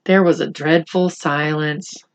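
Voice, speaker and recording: A woman reading a chapter book aloud for children in a gentle, teacherly way, talking to the boys and girls. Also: low voice, fairly even intonation, unhurried. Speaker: children's story reader. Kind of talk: read-aloud for kids.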